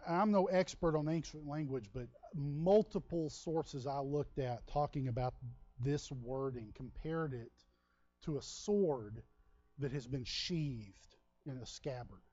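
A man's voice: medium pitch, takes it slowly, warm tone, dry recording, highs cut off. A man from Texas with a Texan drawl, preaching a sermon in a folksy, conversational way with asides to the congregation. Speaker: pastor.

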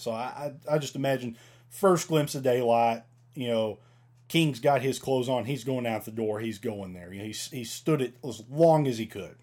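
A man's voice: mid-range voice, normal speed, a little mellow. A man teaching a Bible passage in a casual, conversational way, reading verses and stumbling over archaic words.

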